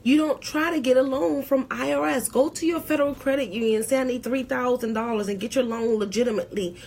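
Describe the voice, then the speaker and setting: Woman tax preparer, live stream host, fairly high voice, emphatic and repetitive. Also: fast talker, creaky, a little mellow, breathy edge. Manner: emphatic, preachy, repeats key points. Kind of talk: live stream advice talk.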